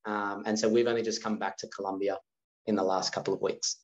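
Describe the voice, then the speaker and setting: A lower-voiced man from Australia tells a personal story as a guest in a relaxed interview. He jumps in and out of the voices of the people in his story. The sound is roomy and a bit muffled. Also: fast. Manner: animated storyteller acting out quoted dialogue. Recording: roomy, slightly dull sound.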